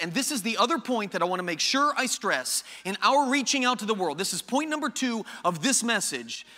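A man preaching a sermon as pastor, animated, with rhetorical questions and playful asides. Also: sits high, big-room sound.

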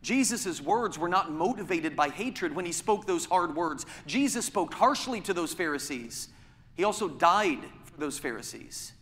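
A man preaches with a high, bright voice. He presses his points with pointed rhetorical questions. His words ring out in a large hall with a long reverb. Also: animated, unhurried. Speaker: pastor. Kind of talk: sermon.

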